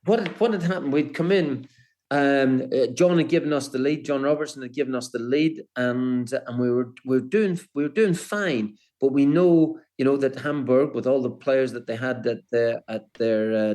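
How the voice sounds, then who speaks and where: An older man and former footballer, recalling old matches in a halting, restart-filled way. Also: medium pitch. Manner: hesitant, many restarts, warm storytelling. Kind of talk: reminiscing interview.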